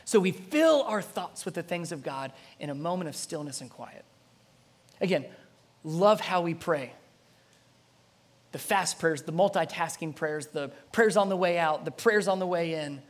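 A pastor preaching a sermon with dramatic delivery, swinging between loud passages and soft ones. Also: mid-range voice, lively intonation, moderate pace.

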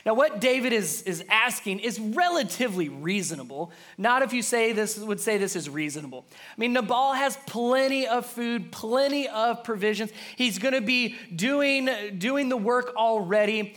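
Male pastor, high voice, emphatic sermon with a repeated refrain. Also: expressive, normal speed, fairly bright tone. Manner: emphatic, repeats a refrain, calls listeners to say it back.

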